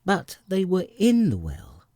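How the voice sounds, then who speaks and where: A man voicing a curious, earnest young girl in a storybook, inquisitive and quick to take offense. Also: sits high, huge pitch swings, darkish tone, dry recording, studio quality, voice pushed up, heavily acted.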